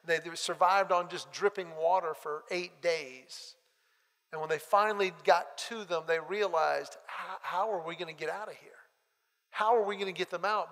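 A man with a high, light voice preaches to a congregation. He tells his story in a lively way and acts out each exchange. His voice rings with the long reverb of a large hall. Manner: animated storyteller acting out dialogue. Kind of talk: sermon with personal storytelling.

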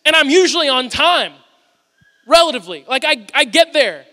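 A man's voice: extremely high pitch, expressive, moderate pace, bright, forceful tone. A male pastor giving a sermon in a church, talking in a conversational, humorous storytelling way. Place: church sanctuary. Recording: long reverb of a large church hall.

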